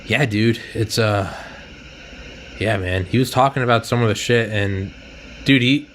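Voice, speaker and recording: A man's voice: fairly low pitch, measured pace, a bit bright. A laid-back man hosting a podcast, talking over a remote call. He chats casually, swears freely and drops mimicked quotes into his stories. A faint hiss sits under his voice. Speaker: podcast host. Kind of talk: casual chat.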